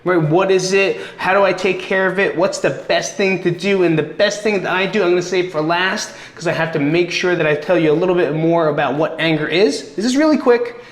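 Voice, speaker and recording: A man's voice: high voice, fairly quick, hardly any pauses. A young man hosting his own video, talking straight to the viewer in a candid, earnest and encouraging way. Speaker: video host. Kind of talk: casual direct-to-camera talk. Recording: echoey room.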